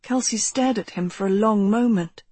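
A woman reading a novel aloud as an audiobook narrator, in a gentle, measured storytelling manner. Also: mid-range voice, slightly rough, dry recording. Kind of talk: scripted narration.

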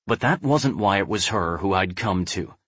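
A young adult man narrating a first-person novel in a measured, brooding way. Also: low-pitched, lively intonation, fairly bright tone, husky, dry recording. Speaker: audiobook narrator.

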